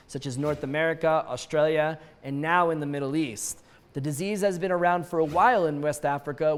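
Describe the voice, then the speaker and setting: A man with a fairly high voice hosts a satirical news roundup. He reads each story straight, then slips in wry jokes and laughing asides. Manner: wry, joking asides with chuckles. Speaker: news show host. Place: lives in Mexico City.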